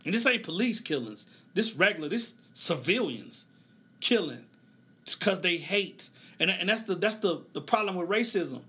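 Emotional to the point of tears, a man hosting a solo podcast speaks in an impassioned, preaching cadence with drawn-out phrases, though he also turns loose and jokey and laughs a lot. His high-pitched voice is animated, pushed, and bright, with a breathy edge.

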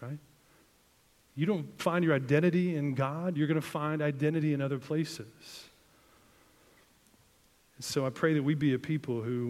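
Conversational preacher in a reverberant hall. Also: male voice, medium pitch. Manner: conversational preaching, lots of "like", rising to emphatic and dropping to hushed. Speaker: pastor. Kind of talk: sermon.

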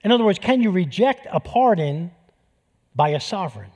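A man with a New York accent preaching a sermon, animated and building to emphatic peaks. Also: high-pitched, moderate pace. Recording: long hall reverb.

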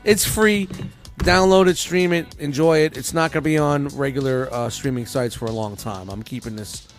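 A man's voice: mid-range voice, moderate pace. A man co-hosting a podcast, loose and joking, swearing casually while plugging his music. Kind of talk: casual group chat sign-off.

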